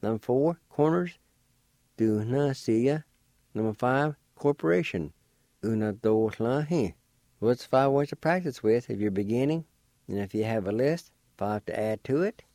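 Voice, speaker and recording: Male radio language teacher, patient and encouraging, with a low-key, mellow voice and very slow, careful delivery. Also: animated, no room sound. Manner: slow, careful spelling out and sounding of words.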